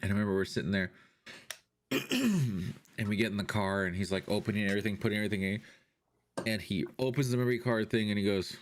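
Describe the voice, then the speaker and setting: A man's voice: expressive, fast, pauses often, slight background noise. A young man co-hosting a podcast, telling stories in casual chat and joking around. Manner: joking, acts out quotes in high voice. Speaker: podcast co-host.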